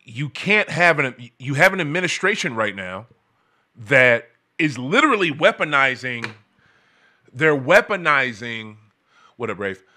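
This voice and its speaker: Fired-up man ranting, bright voice. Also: medium pitch, sing-song, a little slow. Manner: angry, profane, stammering restarts, bursts into shouting. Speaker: podcast host. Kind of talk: heated ranting monologue.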